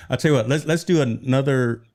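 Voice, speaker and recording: A man's voice: medium pitch, creaky, a little mellow. A man hosting a tech show, chatting casually and explaining as he goes, often checking in with "right?". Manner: conversational, explains with repeated "right?".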